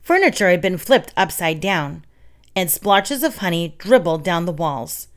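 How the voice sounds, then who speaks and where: A woman reading children's stories aloud in a soft, steady narration. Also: on the low side, measured pace.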